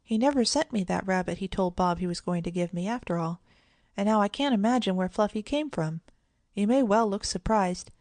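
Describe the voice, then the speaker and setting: A woman voicing an eager, excitable little girl in a storybook, speaking higher and exclaiming. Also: brisk, dry recording, close to an everyday voice.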